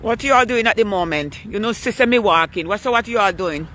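An older woman, chatting casually on a live stream while walking outdoors at night, greeting her viewers by name in a relaxed way. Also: mid-range voice, fairly quick, a little hiss or hum. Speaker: vlogger hosting a live stream.

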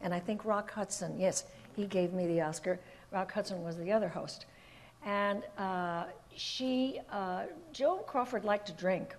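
An older woman from Puerto Rico, a guest telling lively stories in an interview and laughing often. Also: medium pitch, a little slow, noisy background. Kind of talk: anecdotal storytelling in an interview.

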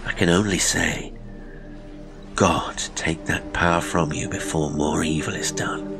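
A man voicing a grave nobleman who speaks solemnly, with deep sorrow. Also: steady tone, unhurried, creaky, music in the background, full character voice.

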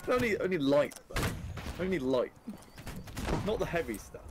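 A man's voice: fairly high pitch, big pitch swings, moderate pace, background noise. A British man bantering jokily while playing a game, hamming up his own accent. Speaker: fellow player. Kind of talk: casual gaming banter.

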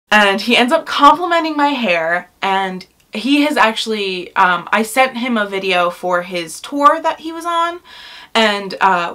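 A young woman tells a storytime vlog with a gushing, animated manner. She piles on fillers and excited asides as she goes. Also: mid-range voice. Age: young adult. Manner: gushing, animated, lots of "like" and "oh my god". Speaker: vlogger.

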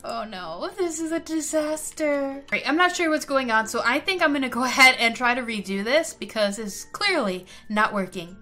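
A woman hosting a gaming video, giving chatty and excitable gameplay commentary with frequent giggles. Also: fairly high pitch, a little fast, few pauses.

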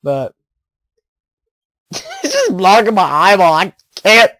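A gaming YouTuber, a teenage boy whose voice is high for a young man, gives casual commentary over his gameplay at a slow pace. He rambles excitedly, with giggles and sudden yelps. His headset mic gives a close, dry sound without room echo.

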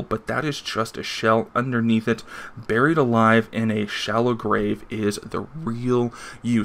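A man's voice: mid-range voice, pushed and bright. A man reviewing a comic book in a casual, rambling way, with plenty of fillers and restarts as he reads passages aloud.

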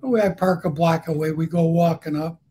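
A man's voice: on the high side, fairly even intonation, normal speed, dark tone, slightly rough. An older man tells a story bluntly and profanely, acting out the lines of the people in it. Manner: blunt, profane, acts out quoted dialogue. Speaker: guest storyteller. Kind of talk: casual storytelling on a live stream.

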